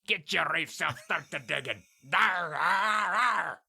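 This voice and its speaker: A gruff old pirate captain, put on by a podcast host, growls his lines with a gravelly edge and a bright, sharp bite. The voice sits high and swings widely, with a Scottish tinge under the pirate lingo and long rolling "arr"s. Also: lively intonation, slow pace, exaggerated voice. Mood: gruff scheming.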